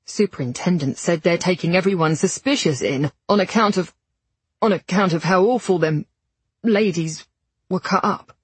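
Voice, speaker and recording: A woman voicing a nervous working-class male servant who speaks in halting, rough common speech. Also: on the low side, no echo. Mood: shaken.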